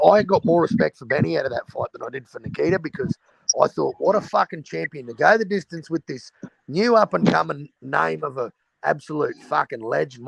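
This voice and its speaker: Gravelly Australian bloke talking boxing. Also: male voice, on the high side, dry recording, low-quality recording. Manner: blunt, sweary, mate-heavy banter. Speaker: stream host. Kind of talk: casual boxing chat.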